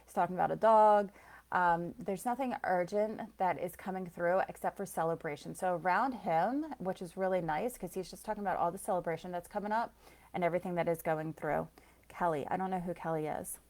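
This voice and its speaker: A woman's voice: fairly low pitch, fairly quick, darkish tone. Chatty, effusive woman giving a live reading. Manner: chatty and effusive, often laughing and gushing; addresses viewers by name. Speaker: spiritual reader and soul coach. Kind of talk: live intuitive card reading for viewers.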